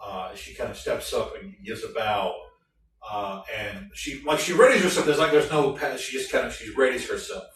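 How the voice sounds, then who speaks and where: A man with a Southern accent narrating as game master, lively and halting, with frequent restarts. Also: mid-range voice, slight background noise. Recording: very echoey room, mic far off, music behind.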